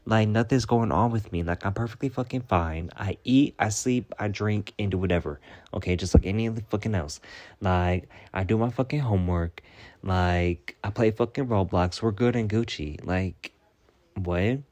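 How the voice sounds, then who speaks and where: A man's voice: fairly low pitch, moderate pace, a little mellow. A young man hosting a comedic storytime monologue, sassy and profane, rambling with lots of "like" while answering viewer questions.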